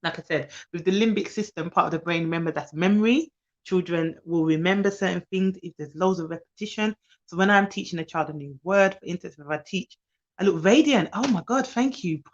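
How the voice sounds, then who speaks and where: A woman who works as a nanny gives chatty, fast-talking advice on a live stream while tired. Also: on the low side, muffled recording.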